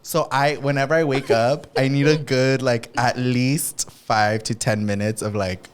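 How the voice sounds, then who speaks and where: A woman's voice: very deep voice, steady tone, a little slow, smooth. A woman co-hosting a podcast in casual chat, playful and teasing, laughing often. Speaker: podcast co-host. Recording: loud background noise.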